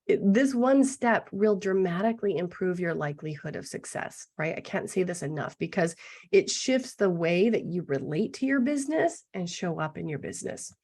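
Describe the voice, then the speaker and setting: A middle-aged woman with a gruff, hoarse voice explaining business legal basics in an online masterclass, often checking in with "right?". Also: on the low side, expressive, moderate pace, a little mellow. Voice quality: gravelly. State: gruff, throat-clearing voice. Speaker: business lawyer presenting a masterclass.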